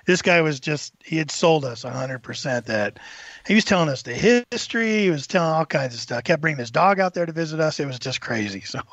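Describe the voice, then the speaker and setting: A man guesting on a podcast, chatting in a relaxed way and laughing easily, heard over a dull remote line. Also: a little high, brisk, dry recording. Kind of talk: casual chat.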